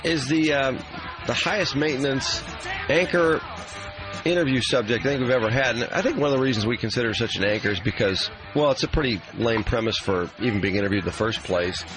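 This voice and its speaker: A man's voice: mid-range voice, fairly quick, music in the background. A man co-hosting a radio show, mocking and crude in a brash banter style. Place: radio studio.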